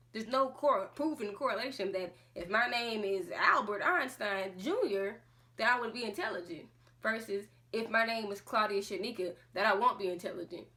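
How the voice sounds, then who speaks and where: A woman's voice: on the high side, pushed and bright. A woman vlogging a casual monologue to camera, speaking with passion and firing off rhetorical questions. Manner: impassioned, full of rhetorical questions.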